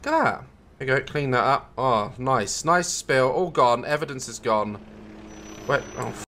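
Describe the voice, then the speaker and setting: A man's voice: mid-range voice, animated, normal speed, pushed and bright, a little hiss or hum. A man giving comedic gameplay commentary, frantic and swearing constantly, yelping and cackling as things go wrong. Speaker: gaming YouTuber.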